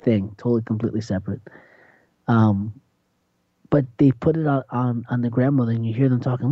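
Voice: medium pitch, brisk, pauses often, no room sound, dull audio. A radio host in a casual, chatty monologue who tells stories and acts out quotes in a raised voice.

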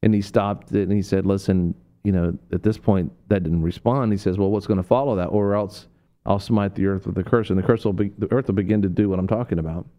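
Low, mellow-voiced man preaching on radio. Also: fairly even intonation, quick pace. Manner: rambling storytelling with many fillers and restarts; acts out quoted people in a sudden high voice. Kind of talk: preaching talk on a radio show.

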